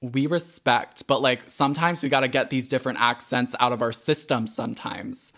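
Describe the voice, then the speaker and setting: An animated young man spinning a story on a casual podcast, his voice at a middling pitch. He talks loosely, peppering it with fillers and the odd curse. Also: normal speed, creaky. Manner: animated, swears freely, lots of fillers. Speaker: podcast co-host.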